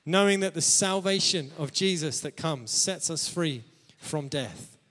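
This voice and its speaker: A man with a fairly high voice preaches a sermon to his congregation, laughing between phrases and often calling out "amen." His voice rings with the long reverb of a church hall. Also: lively intonation, a little slow, fairly bright tone, slight background noise.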